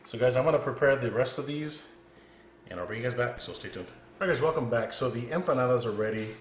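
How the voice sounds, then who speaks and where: A man's voice: mid-range voice, expressive, fast. A man hosting a casual cooking demo, chatting to viewers and calling them guys. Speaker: cooking channel host. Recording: echoey room with background noise.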